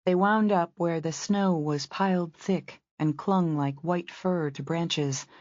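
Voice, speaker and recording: A woman narrating a romance novel as an audiobook in a steady, descriptive reading. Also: low voice, takes it slowly, no echo, highs cut off.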